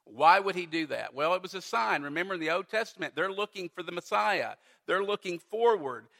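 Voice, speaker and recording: A middle-aged pastor preaching a sermon with emphatic, dramatic pauses. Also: male voice, high-pitched, lively intonation, vocal fry, bright, forceful tone, big-room sound.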